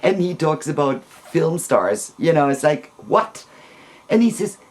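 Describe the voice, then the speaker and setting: A woman's voice: low voice, sing-song, normal speed, a little mellow. A woman, telling a personal story to camera in a hesitant way, often restarting and searching for words. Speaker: vlogger.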